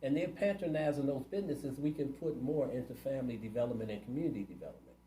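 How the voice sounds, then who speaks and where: Man, council candidate, earnest, plainspoken, mellow voice, echoey room, faint hum. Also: mid-range voice, quick pace. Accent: Ohio. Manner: earnest, plainspoken, community-minded. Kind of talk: interview answers.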